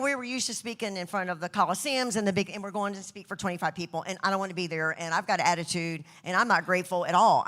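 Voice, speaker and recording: A woman telling a personal story in a church talk, swinging between loud bursts and soft, slow emphasis. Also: medium pitch. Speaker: speaker at church leadership event. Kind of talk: sermon-style storytelling.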